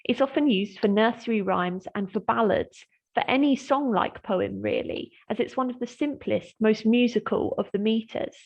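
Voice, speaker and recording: Woman lecturer, scripted lesson, measured and clear, some vocal fry, lo-fi sound. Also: a little high. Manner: clear, measured explanatory delivery, slowing to read verse aloud. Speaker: English literature lecturer.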